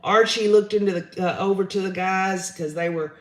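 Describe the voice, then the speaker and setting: A man with a high voice and fairly even intonation hosts a livestream at normal speed, his sound roomy. Chatty and opinionated, he reads out viewer comments and says "y'all" a lot.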